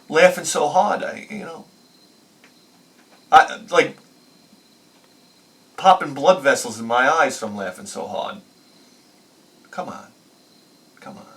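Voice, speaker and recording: Bright-voiced, fired-up storytelling man. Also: on the high side, recorded from a distance. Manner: animated, profane, laughs at his own stories. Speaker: retro game channel host. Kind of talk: rambling storytelling review.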